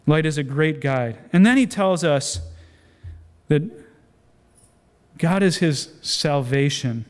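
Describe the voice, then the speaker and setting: A man preaching a sermon as a guest speaker, animated storytelling with acted-out quotes and self-deprecating humor. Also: a little high, takes it slowly, long pauses. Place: church sanctuary. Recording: long church hall reverb.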